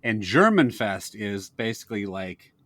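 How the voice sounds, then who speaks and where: A man's voice: a little slow, no echo. A man from Wisconsin, co-hosting a casual snack-tasting podcast and telling rambling, crude, comic stories. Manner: rambling storyteller, crude jokes, lively pitch. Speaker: podcast co-host, snack taster. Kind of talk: casual comedic chat.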